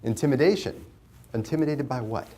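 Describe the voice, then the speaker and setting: A man's voice: mid-range voice, a little fast, mellow, a little hiss or hum. Man teaching a class on mediation. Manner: conversational, asks the class questions and repeats their answers. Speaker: mediation instructor. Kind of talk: interactive classroom lecture.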